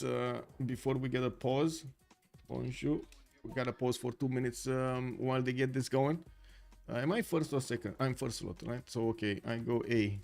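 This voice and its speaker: A man giving live commentary on a strategy game tournament, chatty and thinking aloud with many fillers. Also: mid-range voice. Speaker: esports caster.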